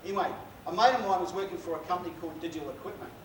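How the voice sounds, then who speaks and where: A middle-aged New Zealander gives a humorous keynote, telling funny stories and bantering with the audience in a casual, joking style. His voice is high and very fast, and the recording is noisy and echoey, made far from the mic in a hall.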